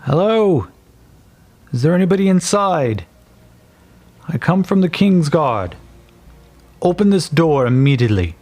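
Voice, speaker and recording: A man voicing a dutiful male guard captain who speaks formally and calls out loudly, in a tabletop game. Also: on the high side, big pitch swings, a little slow, long pauses, voice pushed up. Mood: commanding.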